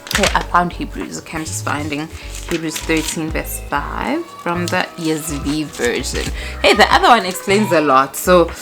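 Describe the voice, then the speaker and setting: A woman in her forties reading Bible verses aloud and reflecting on them in a casual home vlog, with slow pauses and soft laughs. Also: sits low, animated, over music. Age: 40s. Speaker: vlogger. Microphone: clip-on mic.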